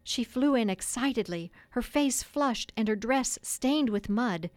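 A woman's voice: fairly high pitch, animated, measured pace, no room sound. A woman reading a classic children's story aloud. She paces it steadily and colours the lines with expression. The recording is dry and close. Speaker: narrator. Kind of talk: storybook narration.

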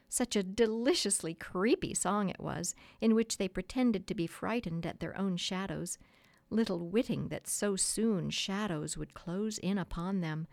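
A middle-aged woman hosting a children's program, reading a classic story aloud with expressive, gently dramatic narration. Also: mid-range voice, no echo. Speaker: host.

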